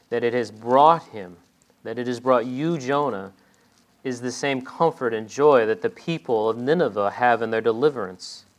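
A man delivers a sermon in a mid-pitched voice. He reads scripture and acts out quoted speech, swelling with intensity on the dramatic lines and falling quiet on others. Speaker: preacher.

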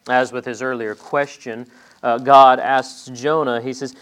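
Man, preacher, sermon delivery, mid-pitched voice, dramatic swells in quoted lines. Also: little pitch movement, measured pace, fairly bright tone, clean tone. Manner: dramatic, voices quoted speech with rising intensity.

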